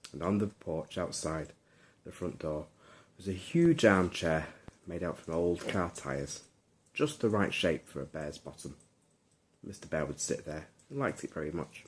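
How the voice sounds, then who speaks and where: A man narrates a bedtime story in a calm, soothing way. His voice is deep and low throughout.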